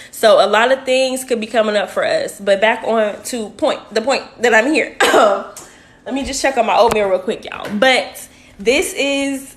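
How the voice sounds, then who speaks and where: A woman with a fairly high voice talks straight to her viewers like a coach. She speaks casually into a phone, direct and familiar, calling her listeners "y'all.". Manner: warm, direct, uses "y'all" and "baby". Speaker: spiritual coach. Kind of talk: casual livestream talk to viewers.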